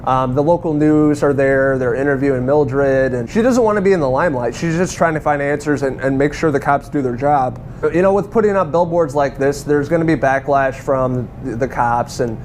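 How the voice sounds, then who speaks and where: A man's voice: medium pitch, brisk, hardly any pauses, a little mellow, slight background noise. A man giving a casual, rambling movie review, swearing freely and laughing now and then. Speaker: film reviewer.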